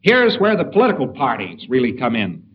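A man's voice: mid-range voice, wildly swooping pitch, fairly quick. A man giving an informal lecture in a wry, digressive way, acting out the quotes he gives. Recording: dull distant recording with faint hiss.

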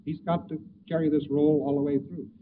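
A man's voice: fairly high pitch, little pitch movement, a little fast. A man giving a conversational lecture with hesitations and acted examples, recorded on an old tape. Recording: old tinny distant tape with hiss.

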